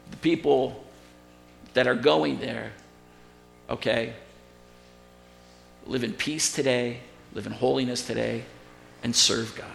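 High, gravelly, animated male preacher. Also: long reverb tail. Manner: animated, conversational preaching with repeated restarts. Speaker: pastor. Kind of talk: sermon. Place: church sanctuary.

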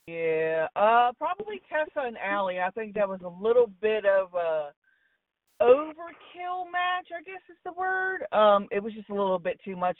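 A woman's voice: mid-range voice, dry recording. Blunt, cussing woman on a phone line. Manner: blunt, opinionated, swears freely. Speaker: call-in wrestling commentator. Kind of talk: casual call-in chat. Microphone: phone call. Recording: tinny phone line, far from mic.

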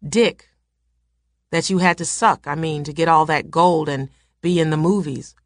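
A woman voicing a quiet, blunt young man. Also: sits low, a little slow, no echo, studio quality. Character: calm, provoking young man.

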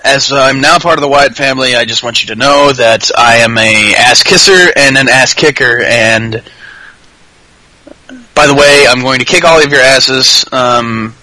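A man putting on a cocky, boastful male pro wrestler in a slow, mock-menacing drawl. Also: mid-range voice, pushed and bright, dry recording, rough recording.

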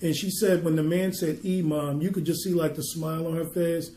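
An earnest male minister preaches and tells stories with a fairly high but mellow voice. He reads scripture slowly and with weight. The sound is roomy and echoey. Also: fairly even intonation, a little hiss or hum. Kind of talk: preaching and storytelling on a podcast.

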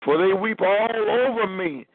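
A man's voice: high-pitched, unhurried, a crowd in the background. A man preaching as a minister, reading and expounding scripture over a phone line.

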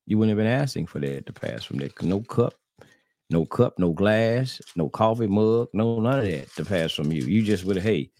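A man's voice: lowish voice, lively intonation, normal speed, a little mellow. A man, hosting a religious podcast and preaching in a rhetorical, repetitive questioning style to his listeners. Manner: rhetorical, repetitive questioning, addresses "brothers and sisters". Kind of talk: preaching-style commentary to online audience. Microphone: screen-sharing computer setup.

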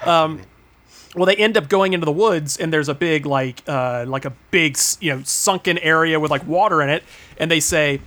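High-voiced man riffing on a movie. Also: normal speed. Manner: animated, mocking, acts out quotes in a high voice. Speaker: podcast host. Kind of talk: casual movie chat.

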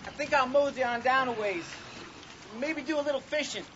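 An actor with an Oklahoma accent playing a quiet, soft-spoken grown son, on an old film soundtrack. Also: male voice, very high-pitched, fairly quick. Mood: mild. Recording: dull, faintly hissy old film soundtrack.

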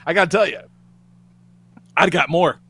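A man co-hosting a podcast, telling a story in a loud, profane way and laughing as he goes. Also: a little high, normal speed, very noisy. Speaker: podcast co-host. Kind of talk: casual storytelling chat.

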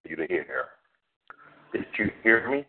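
A man calling in to a radio show who talks quietly and is hard to hear. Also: deep voice, big pitch swings, unhurried. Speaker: caller. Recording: tinny phone line.

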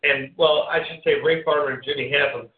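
A man hosting casual sports talk, ranting with animated sarcasm. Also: on the high side, fairly quick. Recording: tinny phone-like sound in an echoey room.

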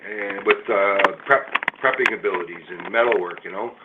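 A man's voice: on the low side, normal speed. A middle-aged man, a small business owner, telling a long rambling story in casual chat, swearing freely. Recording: tinny phone-like line, faint hiss.

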